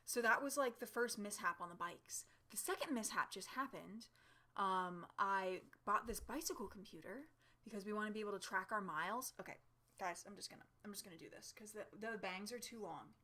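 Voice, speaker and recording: A woman telling a story in a casual home vlog, chatty and animated, with lots of fillers and laughter, sitting at home in front of her camera. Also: mid-range voice, brisk. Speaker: vlogger. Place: home, seated in a chair with her cat.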